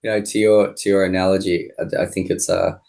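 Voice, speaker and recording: A man, a high-performance coach, guest on a podcast interview, explaining ideas reflectively with many fillers. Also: level tone, brisk, vocal fry, darkish tone.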